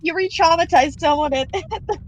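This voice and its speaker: A woman's voice: very high-pitched, brisk, slight background noise, low-quality recording. A woman joining a game stream, reacting with teasing banter in casual chat. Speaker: stream guest.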